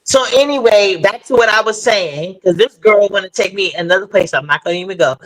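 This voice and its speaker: A woman's voice: mid-range voice, brisk, rough recording. A woman on a live stream panel, arguing heatedly, profane and taunting, talking over the others. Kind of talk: heated argument.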